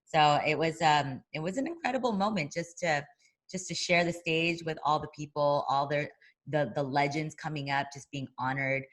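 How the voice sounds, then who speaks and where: Speaking at normal speed in a low voice, a boxing broadcaster relaxes into a casual interview as the guest. She tells a lively story, performing other people's words, and her speech is full of fillers and restarts.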